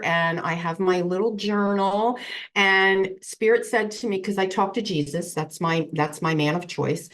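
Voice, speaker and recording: An expressive woman, a psychic medium, is a guest in a casual interview chat. She is an animated storyteller with big pitch swings who acts out what people said and laughs easily. She sits in a home room with crystals on the shelves.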